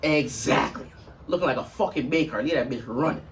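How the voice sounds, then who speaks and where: A man casually telling a long personal story on a podcast, acting out everyone in it with sudden loud, high-pitched bursts. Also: a little fast, distant mic, a little hiss or hum. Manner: animated, swings into loud high-pitched quotes of others.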